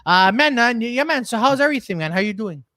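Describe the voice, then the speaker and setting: A man's voice: very high-pitched, expressive, fast, pushed and bright, no echo, clean studio sound. A man from Montreal co-hosting a live comedy show, chatting casually, laughing often and swearing as he acts out quotes. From Montreal, Canada. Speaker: comedy podcast co-host. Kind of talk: casual banter.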